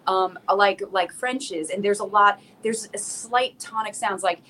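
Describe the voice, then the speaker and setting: A woman's voice: mid-range voice, a little slow, bright, forceful tone, slight background noise, low-quality recording. A woman singer and vocal coach chatting as a podcast guest, rambling through her explanations with frequent restarts and easy laughter. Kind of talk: casual interview chat.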